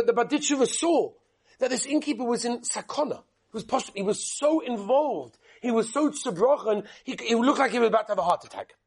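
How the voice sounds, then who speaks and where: A man giving a sermon-style Torah talk, telling a story with rhetorical questions and dramatic swings between soft and loud. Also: very high voice.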